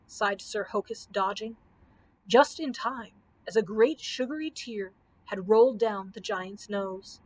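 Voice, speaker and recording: A woman librarian reading a children's storybook aloud with expressive, measured storytelling. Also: mid-range voice, poor audio.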